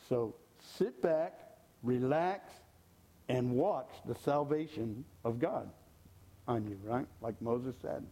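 A man's voice: mid-range voice, slow pace, warm tone. An older man giving an informal, folksy sermon, joking and repeating his phrases. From California. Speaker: lay preacher.

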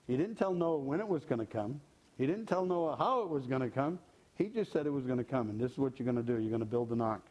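A man's voice: medium pitch, a little mellow. An older man giving an informal, folksy sermon, joking and repeating his phrases. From California. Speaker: lay preacher.

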